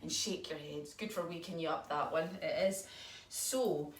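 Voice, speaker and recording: A woman leading a children's yoga story lesson in an animated, encouraging, sing-song way. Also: low-pitched, normal speed. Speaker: kids yoga teacher. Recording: echoey room, mic far off, faint noise.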